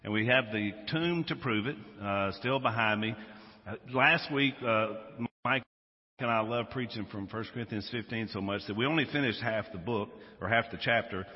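A pastor from Louisiana preaches in a relaxed, conversational way, his coloring his stories as his energy rises and falls. His voice carries a long reverb from a large sanctuary. The sound is a bit muffled, like a live-stream feed. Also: fairly low pitch, normal speed. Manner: conversational, animated storytelling. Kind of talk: sermon.

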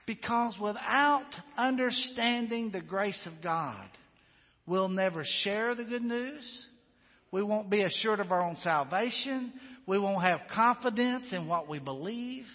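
High-voiced preaching man in a reverberant hall. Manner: earnest preaching, emphatic repetitions. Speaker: pastor. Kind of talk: sermon. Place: church sanctuary. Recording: dull sound with long hall reverb.

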